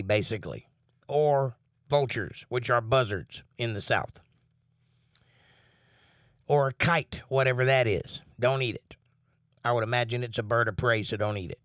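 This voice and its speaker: A man leading a Bible study in a mid-pitched voice, reading verses in a slow, deliberate way and stressing the key words. He breaks off with blunt, plain-spoken comments between the verses. The recording is dry and close, with no room sound. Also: fairly bright tone, dry recording. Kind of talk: reading scripture aloud with commentary.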